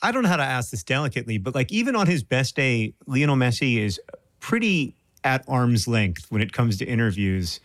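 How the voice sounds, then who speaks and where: A man's voice: medium pitch, very animated, fairly quick. Wry male podcast co-host. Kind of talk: casual podcast chat.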